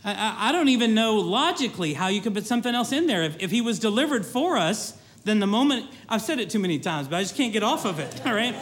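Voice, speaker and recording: A man preaching a sermon, quoting scripture and talking directly to the congregation with lively excitement. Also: high-pitched, quick pace, hardly any pauses. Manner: animated preaching, with rising excitement and repeated asides to the congregation; quotes scripture in older King James wording.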